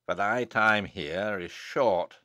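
A man's voice: on the low side, slow pace, pushed and bright, dry recording, studio quality, voice pushed down. A man voicing a grave old abbot. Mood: grim. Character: solemn aged male abbot, meek but unbending.

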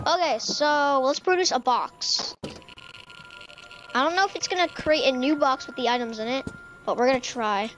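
A woman's voice: high voice, moderate pace, fairly bright tone, soft background music, poor audio. A young woman giving casual let's-play commentary, rambling and stammering with many fillers into a desk mic. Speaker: gaming YouTuber. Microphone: desk microphone.

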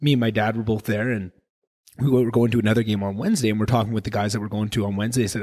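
Young male podcast host; fast, rambling, self-deprecating delivery; low voice; dry close recording. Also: darkish tone, slightly rough, no room sound. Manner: rambling, self-deprecating, many fillers and restarts. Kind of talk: casual podcast chat.

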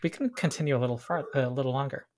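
A man at mid pitch acts as game master for a tabletop game. He explains rules in an easygoing way and slows down to read out scene descriptions. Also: a little mellow.

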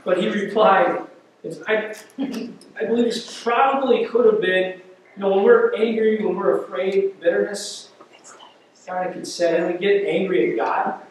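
Animated high-voiced pastor in an echoey church. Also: male voice, a little slow, slight background noise. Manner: animated, acts out quotes, conversational asides. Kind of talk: sermon. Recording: echoey church hall from far off.

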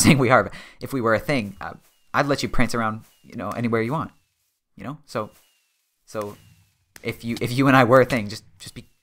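A man's voice: medium pitch, fairly bright tone. Joking young man narrating his game.

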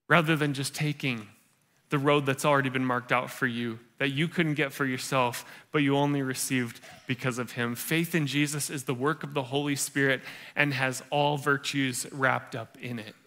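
A man's voice: mid-range voice, fairly even intonation, normal speed, a bit bright. A man preaching a sermon at a church service in a conversational, playful way, acting out the thoughts of his listeners. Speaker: pastor.

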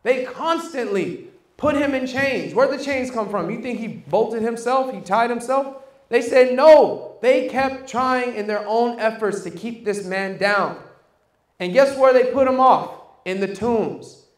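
A man's voice: very high-pitched, unhurried, reverberant. A man preaching a sermon as pastor, calling out questions to the congregation and waiting for them to answer.

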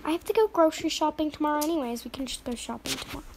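A woman's voice: high voice, very fast, slight background noise. A woman voicing a fussy, newly divorced mother in a toy role-play, chatty and sighing.

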